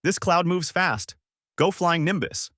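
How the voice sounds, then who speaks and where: A man's voice: sits high, unhurried, fairly bright tone, dry recording, studio quality, voice pushed up. A man voicing a cheerful, naive young fighter boy who talks simply and earnestly.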